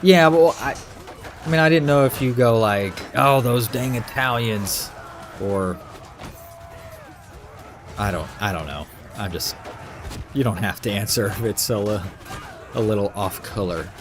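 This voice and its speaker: A man's voice: lowish voice, unhurried, long pauses. An American man streaming a game, chatting casually and rambling with his live viewers. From United States. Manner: rambling, easygoing, chatty with many fillers. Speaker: gaming streamer. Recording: steady background noise.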